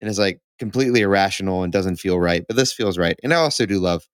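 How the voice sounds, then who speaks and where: A man co-hosting a casual book discussion podcast, relaxed and amused. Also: sits low, fast talker, smooth, no room sound, studio quality. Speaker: podcast co-host.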